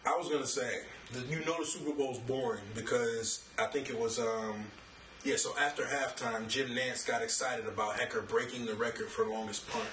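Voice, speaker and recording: A man's voice: mid-range voice, fairly even intonation, normal speed, fairly bright tone. A man co-hosting a podcast, chatting casually and arguing his points bluntly with plenty of slang. He sits back from the mic, so his voice sounds distant in a roomy, echoey space. A faint hiss of noise runs underneath. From American South. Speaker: podcast co-host. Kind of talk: casual chat.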